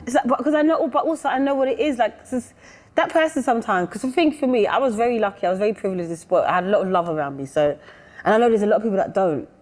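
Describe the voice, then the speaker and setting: A woman's voice: mid-range voice, rapid-fire, darkish tone, big-room sound. A woman with a British English accent, chatting openly as an interview guest and often checking "do you know what I mean". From England. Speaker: guest singer-songwriter. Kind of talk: casual interview chat.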